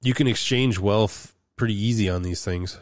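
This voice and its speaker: A man's voice: lowish voice, moderate pace, no echo, clean studio sound. A man chatting casually as a podcast co-host, pressing and needling to make his point. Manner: persistent, needling, argues a point. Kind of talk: casual chat.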